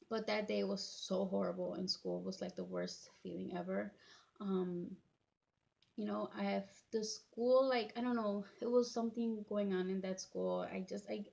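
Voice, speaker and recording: A woman in her thirties tells a personal story to her viewers, her speech halting and full of fillers and restarts. She sounds tearful, and her voice has a gravelly edge. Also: mid-range voice, a little mellow, lo-fi sound. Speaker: vlogger.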